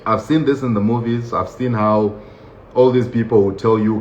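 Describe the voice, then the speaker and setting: A man casually recounting a personal story in a lively, laughing way, acting out what others said, with many fillers. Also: fairly low pitch, normal speed. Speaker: vlogger recounting his prison experience. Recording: dull, roomy recording with faint noise.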